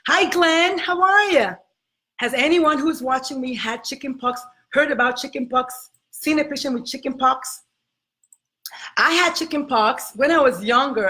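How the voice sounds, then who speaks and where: A woman's voice: medium pitch, fairly bright tone. A woman doctor with an accent hosting a live health stream, talking to viewers in an emphatic, motherly way and calling them honey and baby. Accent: non-American accent.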